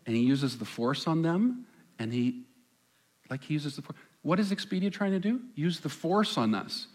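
A man preaching a sermon as pastor on a church stage, conversational, asking the congregation questions and pausing for effect. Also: on the high side, animated. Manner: conversational, asks the congregation questions, dramatic pauses.

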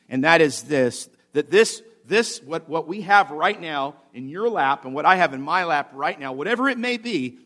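A man's voice: on the high side, fairly bright tone. A male pastor preaching a sermon in a church service, repeating key phrases for emphasis, checking in with the congregation, and building to fervent exclamations.

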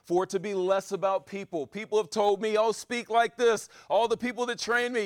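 Man, preacher, sermon, high voice, dry close sound, dynamic swings, repeated rhetorical questions. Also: brisk, hardly any pauses, dry recording. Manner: dynamic, swings from loud exhortation to quiet musing.

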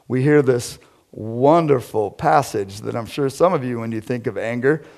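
A man preaching a conversational sermon to a small group, shifting from loud emphatic lines to quiet low asides. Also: gravelly. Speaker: pastor. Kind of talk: interactive sermon.

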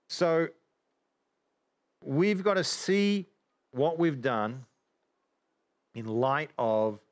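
A man teaching from the Bible in casual chat, animated, with many restarts. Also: mid-range voice. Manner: animated, acts out regretful inner voices, many restarts.

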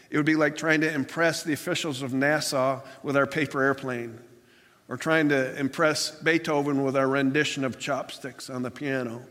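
A man's voice: on the high side, fairly bright tone. Man preaching in a reverberant church. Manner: earnest, plainspoken storytelling with restarts. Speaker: pastor. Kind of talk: sermon. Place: church sanctuary. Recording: long hall reverb.

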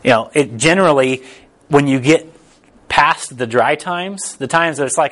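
A man preaching in a relaxed, chatty way to a group indoors. His pitch sits at an ordinary middle height. He wanders through his points and keeps asking his listeners to agree. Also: moderate pace. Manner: rambling and informal, often checking in with the audience. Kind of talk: casual conversational sermon.

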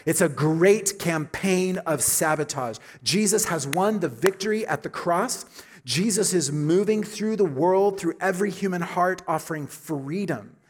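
A middle-aged male pastor delivering a sermon, his voice sitting a little higher than most men's. He presses each point hard, repeats his key lines for weight, and climbs to loud, ringing peaks. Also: lively intonation, unhurried. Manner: emphatic preaching, repeats key phrases, rises to loud climaxes.

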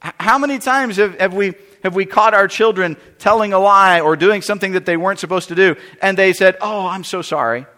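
A man's voice: high voice, fairly quick, hardly any pauses, bright, forceful tone. A man preaching a sermon, explaining scripture verse by verse and often repeating and restarting his phrases. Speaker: pastor. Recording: long reverb of a large hall.

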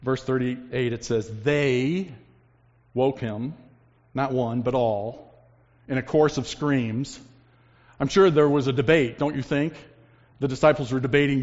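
A man preaching a sermon as pastor, swinging between loud emphasis and hushed, low lines. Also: a little slow. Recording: long reverb, dull lo-fi sound.

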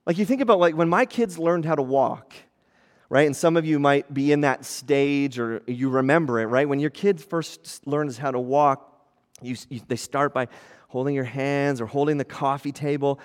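A man in his thirties, a pastor, preaching in a conversational style that moves between hushed and animated. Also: medium pitch, normal speed, big-room sound. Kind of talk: sermon.

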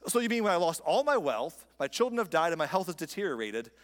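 A suffering man, bitter and sarcastic, as a preacher puts him on. He pleads and jabs by turns, with a fairly high pitch. His words trail into a long hall reverb. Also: very animated, quick pace.

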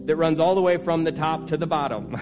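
A man's voice: fairly high pitch, brisk. Man, pastor, sermon, earnest, urging, repeated phrases, music behind.

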